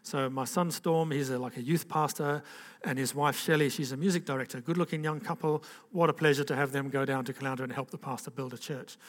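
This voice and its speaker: An older man, telling his life story as a chatty, animated testimony. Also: mid-range voice, brisk. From Africa. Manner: animated, chatty storytelling with lively quoted voices. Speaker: speaker giving testimony.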